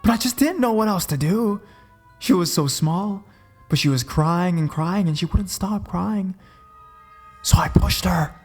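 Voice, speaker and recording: A man doing a cruel mother with a babyish voice, giggly and gleeful, pitched up high, pushing louder, faint music underneath. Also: unhurried. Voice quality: babyish, put-on little-girl voice. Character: unhinged mother woman, giddy and cruel. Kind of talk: horror story reading.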